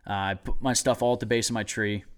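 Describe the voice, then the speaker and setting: Young guy rambling thru a hunting story, kinda low voice, says like a ton. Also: fast. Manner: excited, rambling, many "like"s. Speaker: podcast host telling a hunting story. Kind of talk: casual storytelling chat.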